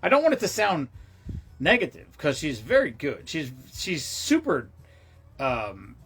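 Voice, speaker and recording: A man's voice: a little high, huge pitch swings, a little slow, vocal fry, fairly bright tone, soft background music. A man hosting a charity livestream, chatting casually with viewers in a rambling, profane way, with many restarts.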